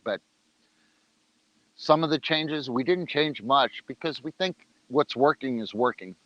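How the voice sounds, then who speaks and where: A man's voice: mid-range voice, measured pace, fairly bright tone, dry recording. Guy on a livestream chatting loose and jokey, mouth full sometimes, dull dry lo-fi sound. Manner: loose, joking, talks while eating. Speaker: organization leader on a livestream. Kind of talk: casual livestream talk. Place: outdoors, rain coming.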